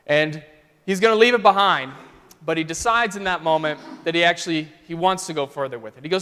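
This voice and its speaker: A man's voice: fairly high pitch, brisk, bright, forceful tone, clear, resonant tone. A male pastor telling a story in a conversational, vivid sermon style, in a church sanctuary. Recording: long church reverb.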